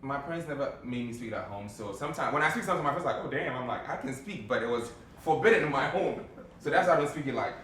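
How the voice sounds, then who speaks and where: A man hosts a casual panel chat, fast-talking and animated, throwing in jokes and curse words. His pitch jumps around a lot. He is picked up from a distance in a very echoey room with faint background noise. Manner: animated, joking, swears freely. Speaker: host.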